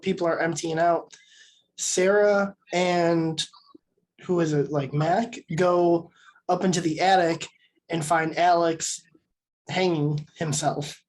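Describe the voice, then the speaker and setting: A podcast co-host with a medium-pitched, darkish voice talks casually through a horror film. The speech meanders and is heavy with fillers, full of "like"s and restarts.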